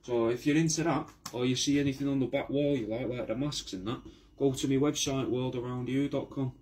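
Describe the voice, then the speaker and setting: A man's voice: medium pitch, steady tone, brisk, a little mellow, slight background noise. A man rambling casually to camera in a comedic monologue, full of restarts, swearing and "mate". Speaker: comedy vlogger playing a taxidermist.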